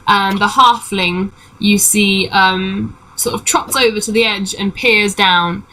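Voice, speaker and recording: Bright-voiced woman narrating as game master. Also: mid-range voice, steady tone, takes it slowly, low-quality recording. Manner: descriptive, many fillers.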